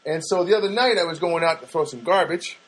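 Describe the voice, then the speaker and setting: A podcast host tells a rambling, casual story full of fillers and restarts, chatting straight to his listeners. His pitch is fairly high and his pace quick, and the recording is low quality.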